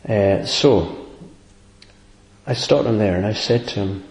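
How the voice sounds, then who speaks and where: A man's voice: lowish voice, takes it slowly, pauses often, a little mellow. A man preaching a sermon in an earnest, conversational way, with sudden emphatic rises. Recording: echoey room.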